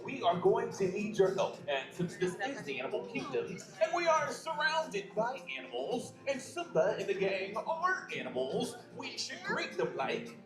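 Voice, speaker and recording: A man hosting a live theme park pre-show, theatrical and upbeat as he warms up the crowd. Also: extremely high pitch, wildly swooping pitch, moderate pace, hardly any pauses, echoey room, music in the background. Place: outdoor theme park stage.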